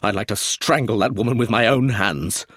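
Guy doing a worked-up emotional man, husky low voice, swings up and down. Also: very animated, moderate pace, no room sound, clean studio sound. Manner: agitated, emotional. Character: emotional, excitable middle-aged man.

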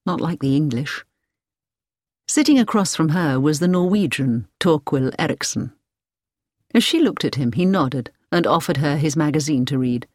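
A woman reading a story aloud as a narrator, clear and measured. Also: sits low, lively intonation, a little mellow, dry recording, clean studio sound. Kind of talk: scripted audiobook narration.

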